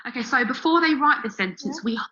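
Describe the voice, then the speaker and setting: A woman's voice: high voice, animated, a little fast, bright, forceful tone, highs cut off. A woman teacher explaining a writing method to parents, step by step with the odd filler.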